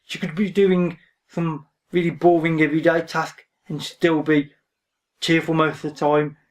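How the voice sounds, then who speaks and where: Speaking a little slowly with little pitch movement, this man vlogs about books in a slightly high voice. He's reserved and rambling, says "frankly" a lot, and sits a bit far from the mic.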